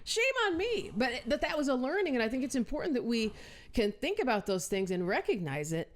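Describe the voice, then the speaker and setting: A woman's voice: on the high side, big pitch swings, brisk. A woman guest on a podcast, a consultant, speaking earnestly and reflectively in casual conversation. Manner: earnest, reflective, frequent affirming backchannels. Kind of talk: casual interview talk.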